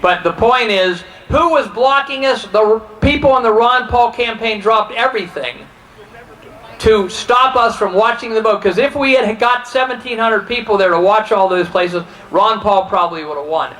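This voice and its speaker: A man's voice: high-pitched, moderate pace, a bit bright, rough recording. A man from Ohio giving an impassioned political speech, heated, acting out the conversations he quotes. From Ohio, USA. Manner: heated, acts out quoted exchanges. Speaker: political speaker.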